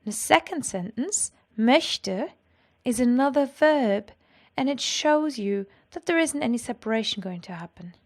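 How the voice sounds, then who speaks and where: A woman explaining grammar in a clear, patient lesson. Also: fairly high pitch, animated, unhurried. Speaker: language teacher.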